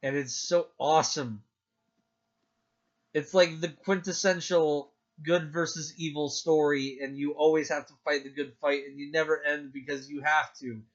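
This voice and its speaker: A young man co-hosting a casual podcast chat, rambling and excitable with lots of fillers. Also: fairly high pitch, moderate pace. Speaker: podcast co-host. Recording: dull lo-fi sound.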